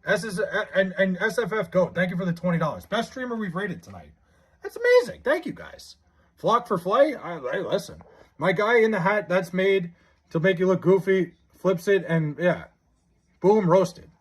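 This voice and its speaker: A young man chats on his livestream, reading out messages from viewers. His voice sits high and swoops widely as he stammers, overwhelmed and excited. There is a husky edge to his tone. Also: moderate pace. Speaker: livestream host. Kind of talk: casual livestream chat, reading chat aloud.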